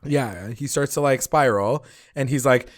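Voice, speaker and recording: A man co-hosting a podcast, recapping a TV episode in loose, profane casual chat, acting out the characters' lines in quick put-on voices. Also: mid-range voice, dry recording, clean studio sound. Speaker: podcast co-host.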